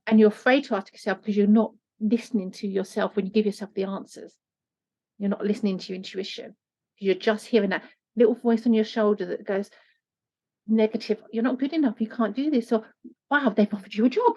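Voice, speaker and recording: A woman's voice: medium pitch, a little fast. Earnest woman coach, lo-fi sound. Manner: earnest, animated when quoting. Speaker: life coach guest. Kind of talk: conversational interview. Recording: dull lo-fi sound.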